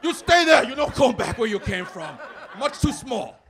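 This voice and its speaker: A man voicing his own father as loud, stern and blunt. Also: very high voice, very animated, moderate pace, voice pushed up, heavily acted.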